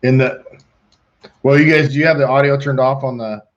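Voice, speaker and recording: A man's voice: medium pitch, steady tone, fairly quick. Casting: middle-aged man, playful designer host who mutters while he works, dull lo-fi sound. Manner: joking, talks to himself while working. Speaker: pool designer hosting a live design call. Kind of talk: casual chat while designing on a computer. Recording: dull lo-fi stream audio.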